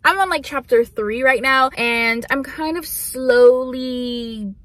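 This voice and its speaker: A woman's voice: sits high, takes it slowly, fairly bright tone. A young woman chatting casually in a reading vlog, gushing about books and filling her talk with "like", recorded in a parked car. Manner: gushing, chatty, heavy use of "like". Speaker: book vlogger.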